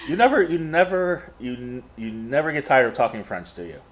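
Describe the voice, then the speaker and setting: A man's voice: mid-range voice, big pitch swings, brisk. Easygoing man hosting a podcast. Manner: easygoing, rambling with fillers. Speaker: podcast host. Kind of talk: casual interview hosting.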